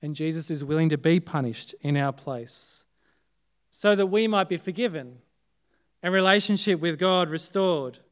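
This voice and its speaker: Australian male preacher, higher register, clean resonant tone, dramatic swings from forceful to hushed. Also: normal speed. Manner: dramatic, swinging between loud emphasis and hushed, quiet phrases. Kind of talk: Good Friday sermon. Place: church service.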